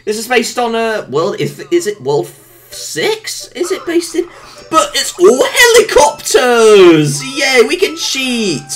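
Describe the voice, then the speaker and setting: A woman commentating her own video game playthrough, excitable, coaxing her character along, humming tunes and yelping at mishaps. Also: on the high side, slow, faint music behind. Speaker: gameplay commentator. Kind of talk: let's-play commentary.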